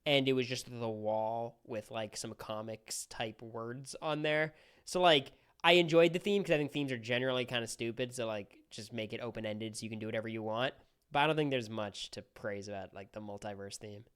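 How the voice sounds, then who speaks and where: A young man hosting a casual livestream chat, giving quick, opinionated takes. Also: mid-range voice, steady tone, fairly bright tone, clean tone. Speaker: streamer host.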